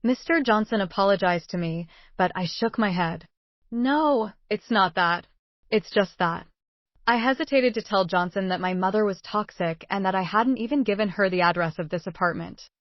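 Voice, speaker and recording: A woman reading a first-person story aloud as narrator, in an earnest, steady manner. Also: mid-range voice, fairly quick, hardly any pauses, no echo, muffled recording.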